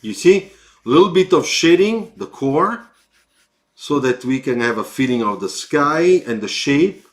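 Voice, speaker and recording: A man with an Italian accent critiques sketches live and takes his time over each word, stopping and restarting as he thinks. His voice sits a little high for a man, and he encourages as he corrects. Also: animated. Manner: slow, halting, encouraging teacher. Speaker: car designer giving sketch feedback.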